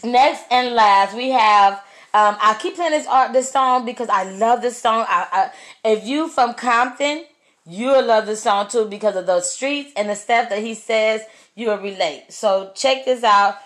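A woman's voice: on the high side, unhurried, a bit bright. A woman hosting a music podcast, chatting casually between songs, laughing often and tripping over artist names. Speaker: radio podcast host.

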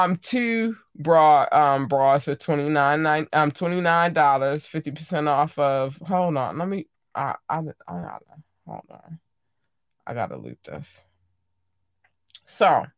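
A woman hosting her own podcast in casual solo chat, animated and squealing high when she greets listeners. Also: no room sound, clean studio sound. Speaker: podcast host.

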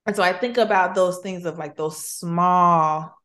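A woman hosts a podcast in low, deep tones. She talks casually and expressively. She calls her guest sis and baby. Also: a little slow. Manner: warm, expressive, uses 'sis' and 'baby'. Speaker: podcast host, therapist. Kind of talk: casual faith chat.

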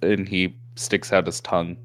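A man with a lowish voice narrating a tabletop game as game master. He wanders through his lines with plenty of fillers and corrects himself as he goes. Soft music plays underneath. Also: level tone, normal speed. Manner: rambling with fillers and self-corrections.

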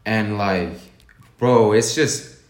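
A man's voice: fairly low pitch, extremely slow. A teenage boy telling a sheepish, self-deprecating story to friends in profane slang. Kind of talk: casual chat among friends. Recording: echoey room with faint noise.

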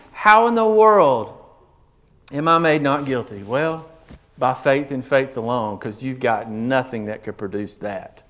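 A man preaching a sermon in an animated way, asking rhetorical questions and acting out the voices he quotes. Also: on the high side. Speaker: pastor.

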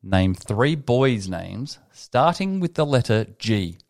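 A man's voice: mid-range voice, very animated, slow. A man co-hosting a podcast in casual chat, telling stories animatedly and swearing freely. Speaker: podcast co-host.

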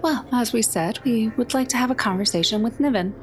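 A woman player role-playing her character in a theatrical, smooth, flirtatious manner. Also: fairly high pitch, fairly quick, background noise.

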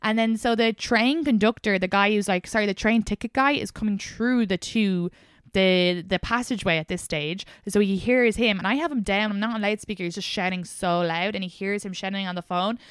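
A young Irish woman hosting a podcast, telling lively stories, laughing often and swearing freely. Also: mid-range voice, a little fast, clean tone, dry recording, clean studio sound. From Ireland. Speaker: podcast host. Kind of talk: casual chat.

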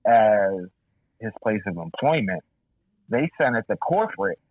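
A man's voice: on the low side, unhurried, no room sound, narrow, tinny audio. A man in casual podcast chat, animatedly telling a profane story and acting out other people's lines. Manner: animated, profane, acts out quoted voices.

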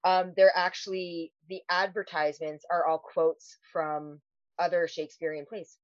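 A woman's voice: fairly low pitch, flat delivery, moderate pace, dry recording, muffled recording. A woman co-hosting a podcast in casual chat, swearing freely and laughing often. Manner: swears a lot, laughs often, breaks into silly voices. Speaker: podcast co-host.

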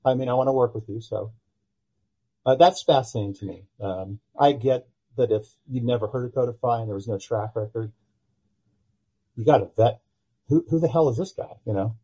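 Dark, husky-voiced man telling animated stories. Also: mid-range voice, fairly quick, rough recording. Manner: animated storyteller who acts out quoted dialogue. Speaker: podcast guest, pitching analytics company founder. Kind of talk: casual podcast conversation.

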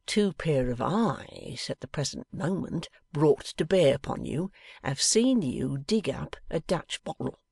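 A man doing a gravelly gloating blackmailer. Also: on the high side, expressive, darkish tone, dry recording, clean studio sound, full character voice. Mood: menacing. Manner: menacing, deliberate, turns w for v. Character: grasping one-legged scheming male blackmailer.

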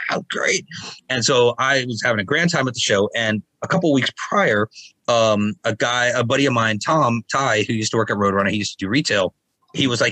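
A man in his forties telling stories casually as a podcast guest, animated and raising his voice to act out quotes. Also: lowish voice, no room sound, low-quality recording. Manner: animated, acts out quotes in raised voice. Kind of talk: casual storytelling.

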